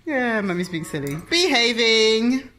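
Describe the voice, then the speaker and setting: A woman's voice: medium pitch, very animated, measured pace, slight background noise. A woman hosting as a parent, chatting playfully while crafting with her child and giving teasing, mock-grand commentary. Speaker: parent and host.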